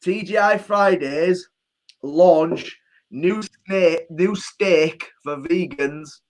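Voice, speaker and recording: A man's voice: fairly high pitch, very slow. A man co-hosting a podcast, bringing up news topics in casual chat and laughing a lot. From England. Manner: giggly, keeps laughing at his own topics. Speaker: podcast co-host.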